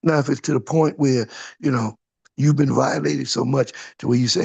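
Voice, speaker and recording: A man's voice: medium pitch, steady tone, moderate pace, vocal fry, a little mellow, slightly rough. A man giving an informal sermon, throwing out rhetorical questions and checking in with his listeners. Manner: conversational, asks "huh?" often, rhetorical questions. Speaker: preacher.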